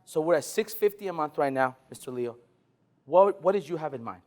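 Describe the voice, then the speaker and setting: A male car sales trainer giving a live demonstration, animated and loose, swinging from shouting to murmuring. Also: on the high side, fairly quick. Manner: hype-driven and loose, with occasional swearing.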